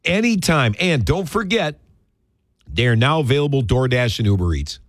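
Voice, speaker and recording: A man's voice: mid-range voice, big pitch swings, moderate pace, no echo, studio quality. A man hosting a radio talk show, doing folksy, emphatic live-read ads and chatting about football.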